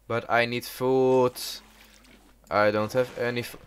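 Slow, frustrated man cursing at a game. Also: mid-range voice, steady tone, smooth. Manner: swears and shouts in frustration at the game. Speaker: gaming YouTuber. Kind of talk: let's play commentary.

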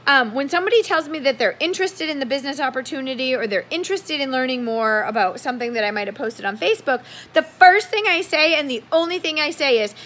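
Bright, high-voiced upbeat woman coach. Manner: upbeat, acts out sample messages in a brighter voice. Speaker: direct sales consultant giving tips. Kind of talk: casual coaching talk to camera.

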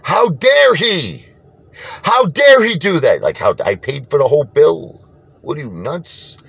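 A man putting on the shrill, outraged squeal of a cheap brother-in-law. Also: very animated, measured pace, creaky, a bit bright, breathy edge, no room sound, full character voice. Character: indignant stingy brother-in-law shrieking.

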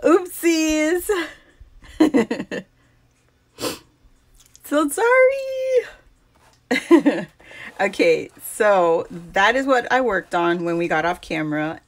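A woman's voice: on the low side, unhurried. A woman hosting a crafting livestream at her home workbench, chatting casually, greeting viewers by name and a little out of breath. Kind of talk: casual live chat. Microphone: phone on a mount.

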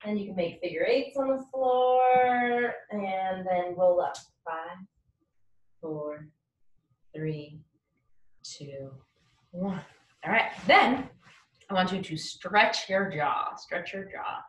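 A woman teaching artist leading a home lesson, lively and encouraging as she demonstrates each exercise. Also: on the low side, slow, pauses often, muffled recording. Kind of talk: guided lesson for kids at home.

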